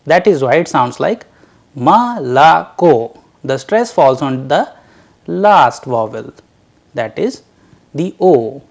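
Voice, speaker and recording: A medium-pitched, expressive voice with a darkish tone belongs to a language teacher in a recorded lecture. Each letter sound is stretched out slowly and carefully for learners to echo back.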